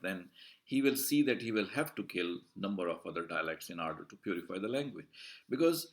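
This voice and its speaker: A male university lecturer explaining a poem in a recorded lecture, deliberate and repetitive, with frequent "uh" fillers and restarts. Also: low voice, expressive. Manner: deliberate, explanatory, repeats and rephrases points.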